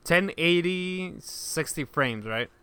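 A man co-hosting a casual gaming podcast, chiming in with quick agreements and rumors. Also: a little high, animated, pushed and bright, smooth. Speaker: podcast co-host.

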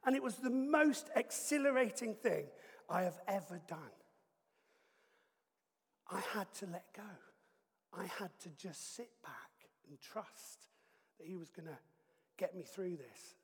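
A man preaching, telling a lively, comic story with acted-out asides. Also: high voice, measured pace, pauses often, slightly rough, long reverb tail. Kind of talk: storytelling sermon.

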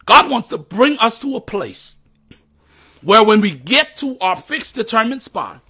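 A man's voice: high-pitched, big pitch swings, a little slow, bright, forceful tone, breathy edge. A man preaching a sermon in an emphatic, repetitive cadence, closing in prayer.

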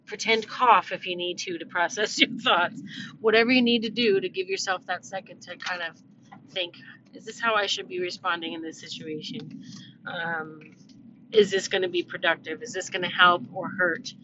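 A woman's voice: fairly low pitch, very animated, moderate pace. A middle-aged woman talking casually to her viewers in a chatty, reflective way, with many fillers and restarts. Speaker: vlogger. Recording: slightly dull, faint background noise.

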